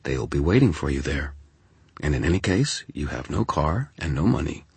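A man's voice: extremely low pitch, sing-song, normal speed, a little mellow, slightly rough, dry recording, exaggerated voice. A man voicing a haughty, aloof young woman who speaks in a cold, disdainful, clipped way.

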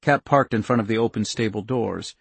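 A man narrating an audiobook in a steady, measured way on a close mic. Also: on the low side, creaky, breathy edge, no echo.

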